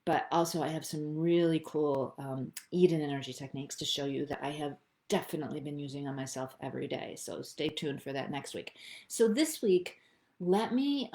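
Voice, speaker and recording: Woman, middle-aged, lowish voice, chatty and upbeat, thinking aloud, live online tapping lesson. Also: moderate pace, darkish tone. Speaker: EFT tapping practitioner.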